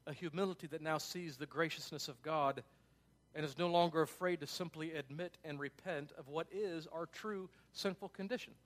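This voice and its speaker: Preaching man, hushed then emphatic. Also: on the high side, moderate pace. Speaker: pastor. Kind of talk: sermon. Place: church.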